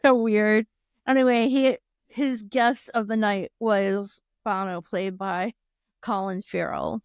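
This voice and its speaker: Smooth, dry-voiced chatty woman. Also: steady tone, no room sound. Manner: chatty, laughs often, quick shifts in pitch when quoting. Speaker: podcast co-host. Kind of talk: casual chat.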